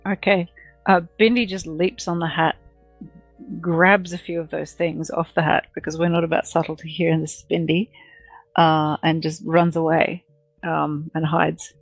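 A woman's voice: low voice, little pitch movement, moderate pace, no echo, faint music behind, rough recording. Giggly woman playing a tabletop game. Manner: giggly, playful. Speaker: player. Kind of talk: casual tabletop game chat.

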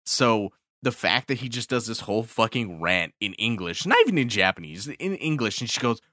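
A man in casual podcast chat about an anime, swearing freely and excitably retelling scenes. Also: lowish voice, fairly quick, no echo, studio quality. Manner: profane, excitable, animated retelling.

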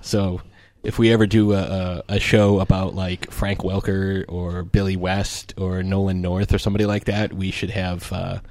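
A man's voice: deep voice, level tone, moderate pace, a little mellow, dry recording. A young man co-hosting a podcast in casual, joking chat, often slipping into goofy impressions. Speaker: podcast co-host.

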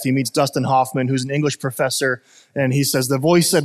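A man's voice: on the high side, fairly quick, in a large hall. A man preaching a sermon as pastor, talking conversationally and telling stories with many fillers and restarts.

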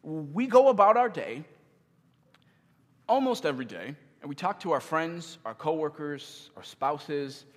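Animated young pastor preaching in a reverberant hall. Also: male voice, a little high, measured pace. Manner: conversational, animated, self-deprecating humor. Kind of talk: sermon.

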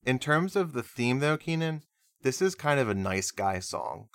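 A man's voice: medium pitch, big pitch swings, moderate pace, no room sound, studio quality. A man co-hosting a music podcast, chatting casually with a nasal voice, rambling and laughing easily. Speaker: podcast co-host.

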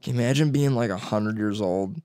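A man's voice: lowish voice, fairly quick, no echo. Young male co-host, loose and profane, jokey banter, dry close sound. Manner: swearing, joking, animated impressions. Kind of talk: casual chat.

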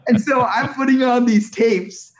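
A man from India, a guest in an interview, telling his story earnestly with frequent halting restarts. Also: very high-pitched.

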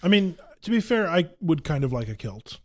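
A man's voice: on the high side, sing-song, a little mellow. Wry, hesitant man chatting casually. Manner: wry, hesitant, drawn-out pauses. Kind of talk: casual chat.

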